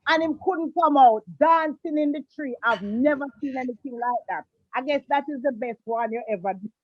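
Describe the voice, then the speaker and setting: A woman's voice: high voice, moderate pace. A woman on a video call, affectionately calling people darling and honey as she recalls old times. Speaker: guest. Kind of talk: casual video call chat. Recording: dull, dry video call audio.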